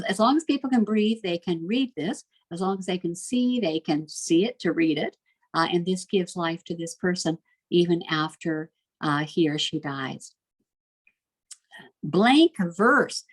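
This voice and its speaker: A woman teaching a recorded literature lesson from home, reading verse aloud slowly and then explaining it in plain, chatty asides. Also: lowish voice, low-quality recording.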